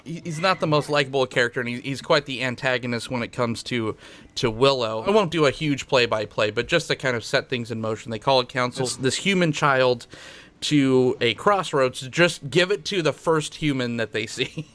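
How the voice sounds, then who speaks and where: A man's voice: medium pitch, normal speed, fairly bright tone. Man hosting a rambling film chat. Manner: rambling, hesitant, many restarts and fillers. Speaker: podcast host, film reviewer. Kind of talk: casual film review chat.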